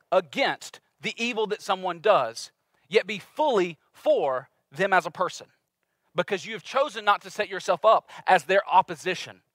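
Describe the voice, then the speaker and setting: Male pastor, 30s, conversational sermon, slightly high, bright voice, playful asides. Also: dry recording. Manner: animated, conversational preaching with playful acted-out voices.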